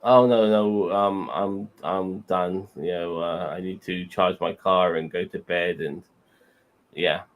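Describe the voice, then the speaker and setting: A man with a lowish voice chimes in on a casual podcast chat. He trades crude jokes in a loose, easy way. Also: fairly even intonation, slow. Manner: crude, joking. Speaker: podcast co-host.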